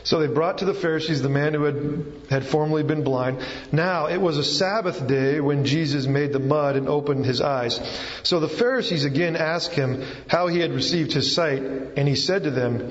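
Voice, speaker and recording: A male pastor preaching a casual, conversational sermon, his voice a bit higher than most men's. He often stumbles and restarts his sentences. The sound is dull and lo-fi, with a long ringing echo from a church hall. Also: moderate pace. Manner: conversational, with frequent restarts and fillers.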